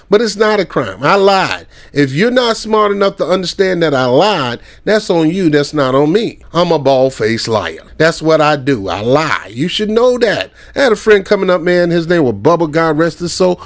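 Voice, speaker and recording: A man's voice: fairly high pitch, expressive, moderate pace, few pauses. Heated, slangy man ranting on camera. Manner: heated, slangy, mocking, with laughs and anecdotes. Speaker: commentary channel host. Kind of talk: casual ranting commentary.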